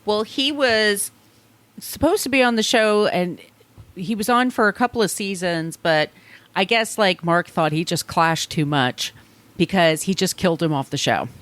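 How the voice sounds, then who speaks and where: A woman co-hosting a casual podcast, chatting and reading a statement aloud, with profane asides and quick apologies. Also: on the low side, fairly bright tone, no echo. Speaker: podcast co-host.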